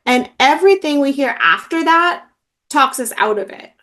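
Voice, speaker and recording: Earnest woman healer, fairly high voice. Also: lively intonation, moderate pace, a bit bright. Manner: earnest, many fillers. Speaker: emotional healing practitioner. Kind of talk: interview, personal story.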